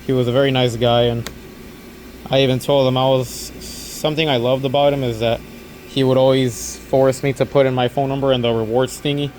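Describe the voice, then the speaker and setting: A man's voice: medium pitch, flat delivery, brisk, darkish tone, slight background noise. A young man working an overnight store shift, talking casually to camera in a rambling, earnest way that repeats itself. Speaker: overnight convenience store clerk.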